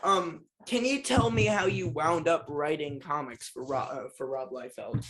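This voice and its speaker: A man hosting a casual interview, laughing along and asking questions with halting pauses. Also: on the high side, crowd noise. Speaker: podcast host, interviewer.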